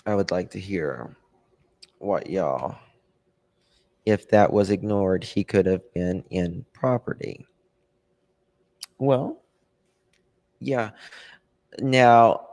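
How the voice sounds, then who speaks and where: A man with a fairly low voice talks slowly and unhurriedly, hosting a casual true crime livestream. He thinks aloud and answers viewer comments with frequent ums and trailing pauses. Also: a little mellow. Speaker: true crime channel host. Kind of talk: casual livestream chat about a case.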